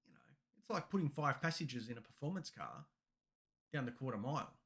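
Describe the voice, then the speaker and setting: A man's voice: medium pitch, a little fast. A man co-hosting a casual tech podcast, rambling through stories and acting out what people say. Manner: rambling, animated storytelling with acted-out quotes. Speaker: podcast co-host.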